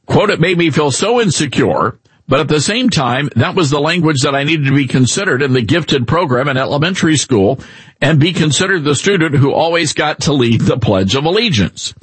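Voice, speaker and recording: Male talk host, slightly high, very husky voice, lively delivery, dry sound. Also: fairly quick, dry recording. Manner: reads news passages aloud, then questions a co-host. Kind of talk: talk show commentary.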